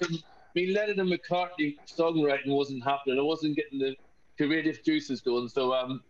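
A man's voice: on the high side, fairly even intonation, moderate pace. A man from Northern Ireland with a Northern Irish accent, hosting a podcast and making self-deprecating jokes in casual chat. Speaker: podcast host. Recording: dull lo-fi sound.

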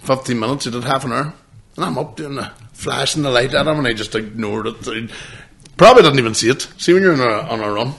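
A man's voice: mid-range voice, fast, vocal fry, fairly bright tone, slightly rough. A man, hosting a podcast and telling rambling, swearing stories between bursts of laughter. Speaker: podcast host. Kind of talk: casual chat.

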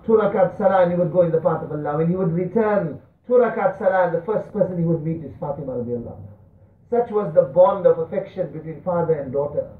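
A man preaching a sermon in a mosque hall, impassioned, swinging between high cries and hushed tones. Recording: distant, tinny, echoey mosque recording.

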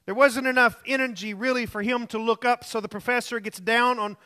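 Bright-voiced preaching man, slow and high. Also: steady tone, clean tone. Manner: storytelling, dropping to soft tones for emphasis. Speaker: pastor. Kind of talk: sermon. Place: church.

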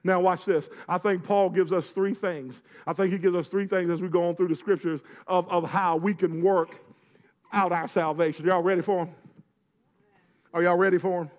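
A male pastor with a strikingly high voice delivers a sermon. He keeps prodding his congregation with quick tags and answers, and breaks the flow with joking asides. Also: steady tone. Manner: punctuates with call-and-response tags to the congregation.

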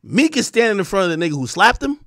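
A man in his thirties ranting on a stream, animated, profane and mocking. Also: high voice, quick pace, dry recording, clean studio sound. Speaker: streamer commentator. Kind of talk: ranting commentary.

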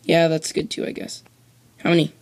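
A gamer chatting casually during a co-op game, bossy and teasing, breaking into excited whoops. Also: mid-range voice, moderate pace, creaky. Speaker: let's play gamer. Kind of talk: casual co-op gaming chat.

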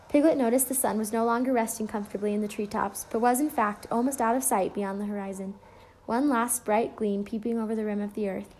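A woman reading a children's storybook aloud, telling it gently and giving the characters light voices. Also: mid-range voice, fairly even intonation, brisk. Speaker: storybook reader.

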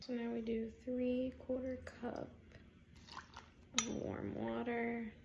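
Soft-spoken woman chatting while cooking. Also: on the high side, flat delivery, slow pace, gravelly, lo-fi sound, noisy background. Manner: quiet, chatty, murmurs at times. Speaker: home cook, channel host. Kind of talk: casual cooking vlog. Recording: kitchen clatter of dishes and utensils.

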